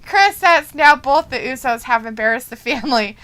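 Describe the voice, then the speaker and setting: A woman with a high, bright and crisp voice co-hosts a live watch-along stream. She reads viewer comments aloud in quick bursts and keeps breaking into giggles. Her talk is relaxed and chatty. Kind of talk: casual chat, reading out viewer comments.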